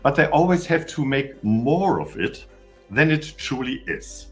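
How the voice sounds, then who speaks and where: A man's voice: medium pitch, sing-song, measured pace, fairly bright tone, soft background music. A man with a German accent, hosting a casual live stream for his channel, rambling, stammering and chatting cheekily with his viewers. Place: home in Austria.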